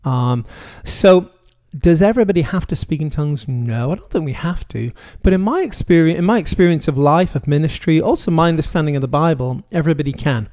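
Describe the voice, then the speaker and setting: A man giving sermon-style teaching from his home office, earnest and emphatic, slowing down on key phrases. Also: on the high side, lively intonation, darkish tone. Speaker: pastor.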